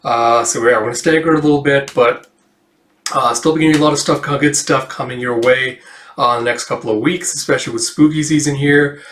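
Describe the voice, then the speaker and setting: A man's voice: mid-range voice, fairly quick, reverberant, a little hiss or hum. Laid-back guy. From Canada. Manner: relaxed, lots of filler "uh"s. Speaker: channel host. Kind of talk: casual read-through commentary.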